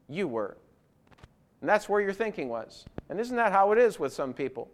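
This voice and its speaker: A man's voice: sits high, very animated, a little fast. A man preaching a sermon, explaining scripture and pressing his point with emphatic rhetorical questions. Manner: emphatic rhetorical questions, building to loud insistence.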